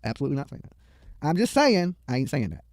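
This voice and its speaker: A man with a fairly high, slightly mellow voice talks quickly and very animatedly on a dry recording. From a studio, he gives profane, mocking live commentary on a video, heckling the people on screen and drifting off into stories.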